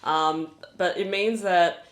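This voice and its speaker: A woman's voice: lowish voice, fairly even intonation, takes it slowly, roomy sound. A woman with an Australian accent, a comedian chatting casually and laughing easily on a podcast. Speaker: comedian guest.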